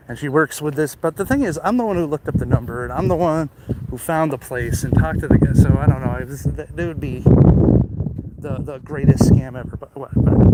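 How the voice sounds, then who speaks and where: A man casually telling a story while walking outdoors, rambling with many fillers and restarts. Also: fairly high pitch. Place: outdoors on a walk. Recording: loud outdoor noise.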